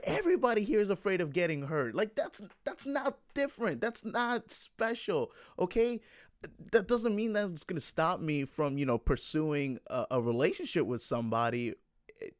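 A man's voice: high-pitched, no room sound, clean studio sound. A man in his twenties talking casually to his viewers, rambling and frank, full of fillers and restarts. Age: 20s.

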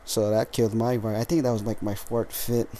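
A man's voice: lowish voice, level tone, warm tone, a little hiss or hum. Tired, rambling man podcasting solo. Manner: rambling, halting, with frequent restarts and swearing. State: tired and lethargic. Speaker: podcast host. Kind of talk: casual solo podcast talk.

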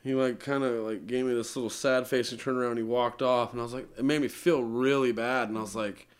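A young man tells a personal story as a podcast guest. His voice sits at an ordinary middle pitch, and he talks in an earnest, rambling way, full of fillers. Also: fairly even intonation, fast talker, clear, resonant tone. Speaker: musician guest.

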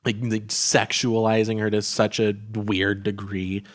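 A man with a lowish voice speaks at a slightly slow pace in a level tone. He's a podcast co-host reviewing a film in casual conversation, rambling with plenty of filler words and restarts.

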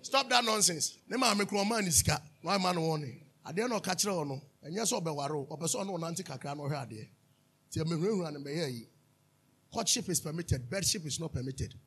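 High-voiced Ghanaian pastor preaching. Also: male voice, a little fast, husky. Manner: animated preaching, breaks into song-like lines; calls for audience responses, asks and answers himself. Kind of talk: sermon.

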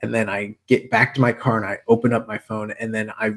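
A man's voice: lowish voice, level tone, fast, fairly bright tone. A young man co-hosting a podcast in casual chat, rambling through stories, laughing often and swearing freely. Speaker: podcast co-host.

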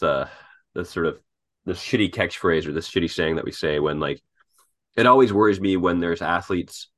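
A man who coaches tennis and co-hosts a podcast, chatting in a blunt, joking way and swearing casually. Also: low voice. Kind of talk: casual chat.

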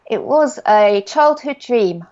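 A woman guest talking casually in an interview, telling stories with lively quoted exchanges and frequent laughs. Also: on the high side, takes it slowly. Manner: animated anecdotes, acts out quoted exchanges, laughs often. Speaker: guest, designer and illustrator. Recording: dull lo-fi podcast recording.

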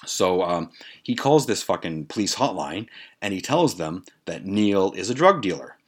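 A Toronto podcast host with a low, husky voice tells a long story at normal speed, very animated and profane. He rambles casually, constantly breaking off and starting over.

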